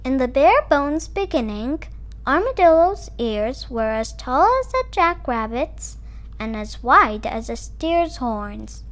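A woman reading a picture book aloud to children, with expressive, animated storytelling. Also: high voice, slow pace.

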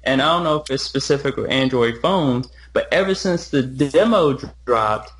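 A man's voice: medium pitch, animated, moderate pace. A wry, joking man chats on a casual sports podcast in a mid-range voice. He hesitates now and then, and a faint noise sits under his voice. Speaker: podcast co-host.

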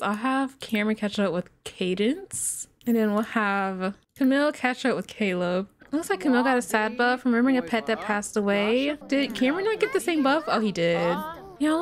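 A woman's voice: on the high side, noisy background. A young adult woman giving casual let's-play commentary, chatting straight to her viewers and laughing often.

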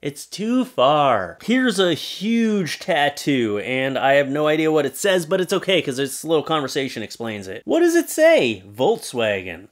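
A man's voice: on the high side, very animated, moderate pace, hardly any pauses. A man doing comedic commentary on pictures, sarcastic and wisecracking, swearing casually as he roasts what he sees. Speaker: YouTube commentator.

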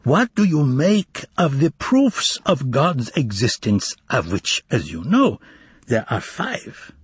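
A man's voice: mid-range voice, big pitch swings, takes it slowly, husky, no room sound, heavily acted. A man reading an audiobook voices an eccentric, overly polite male foreign stranger with a put-on foreign accent, drawing out his exclamations. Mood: furtive.

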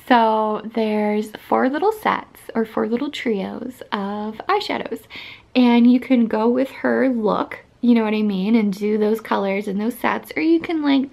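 A woman's voice: on the high side, vocal fry. A woman in her thirties chatting casually to camera in her bedroom as a vlogger, filling her talk with fillers and small laughs. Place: bedroom at home.

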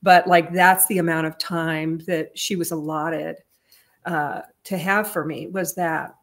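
A woman with a fairly low voice tells a personal story in a casual monologue. She talks earnestly and rambles, restarting her sentences often, and her voice lifts whenever she reaches the emotional parts. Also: fairly even intonation, measured pace. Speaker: vlogger retelling a family story.

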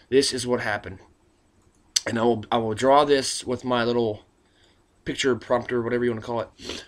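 A man ranting in a casual webcam vlog, rambling and excitable, stumbling over his words, recorded on a built-in laptop mic indoors at home. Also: mid-range voice, a little fast, pauses often. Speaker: wrestling vlogger.

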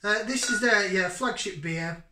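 A man talks through a beer review in a loose, rambling way, full of ums and asides. His voice sits fairly high. The room around him is echoey. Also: unhurried, noisy background. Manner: chatty and rambling with many fillers. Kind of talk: casual beer review chat.

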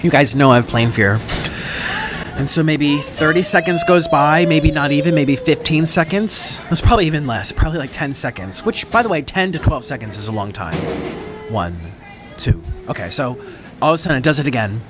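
A man's voice: on the high side, expressive, fairly quick, over music. A man telling a rambling, dramatic story while he eats on camera, talking casually into his microphone. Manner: rambling, chatty, dramatic, self-interrupting. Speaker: mukbang vlogger. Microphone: own microphone.

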